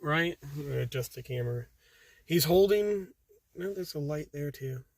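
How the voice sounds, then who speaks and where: A man who drives food deliveries, telling a story in a casual vlog, animated and saying dude a lot, filmed in his car. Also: fairly high pitch, moderate pace, gravelly, dry recording. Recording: dry, a bit distant from the mic.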